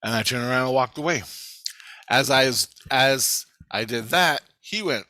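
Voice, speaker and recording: A man tells a story casually in a vlog, animated and rambling, with frequent swearing. His voice is bright and forceful at a middling pitch. The recording is dry and close, with no room sound. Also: moderate pace, dry recording.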